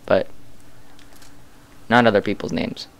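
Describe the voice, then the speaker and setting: A man casually commentating a co-op zombie game, chatty and excitable, quick to laugh. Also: dull audio. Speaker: gamer narrating a co-op zombie match.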